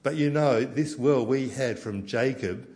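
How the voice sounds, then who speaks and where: A man's voice: mid-range voice, unhurried, a little mellow, voice pushed up, lightly acted. A man voicing a proud, defiant village woman in a sermon retelling, speaking with an Australian accent. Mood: indignant. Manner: proud, challenging, emphatic.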